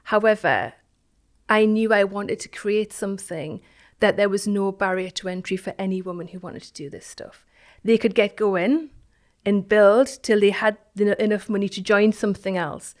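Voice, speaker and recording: A woman speaks as an interview guest, her voice sitting at an ordinary middle pitch. She tells her story in a reflective, halting way, restarting phrases and letting them fade softly. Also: steady tone. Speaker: guest, founder of an online business community.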